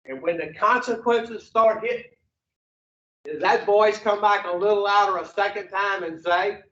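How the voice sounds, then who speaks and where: Man, high voice, blunt profane preaching, rhetorical questions, echoey room, distant mic. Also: moderate pace, a bit bright. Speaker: recovery speaker. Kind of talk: preaching talk to a group. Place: meeting room at an addiction recovery center. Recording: roomy, distant, muffled room recording.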